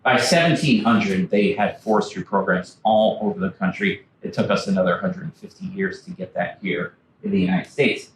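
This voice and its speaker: A man's voice: on the low side, moderate pace, a little hiss or hum. A man, an author and former backcountry ranger, giving a storytelling slide talk in a library and acting out quoted historical figures. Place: library meeting room. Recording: echoey room from afar.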